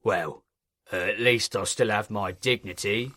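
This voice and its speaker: A man's voice: on the high side, animated, a little slow, a bit bright, dry recording, pitched above the performer's own voice. A man doing a whiny grovelling railway boss. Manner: grovelling, whining, stammering. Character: fawning nervous male railway controller.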